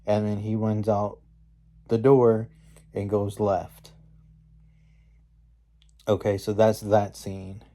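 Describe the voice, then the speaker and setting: Man for a laid-back recap, low-ish, unhurried, rambling. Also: level tone, warm tone. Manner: rambling, slangy, with many fillers and restarts. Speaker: movie reviewer. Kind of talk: casual scene-by-scene movie recap.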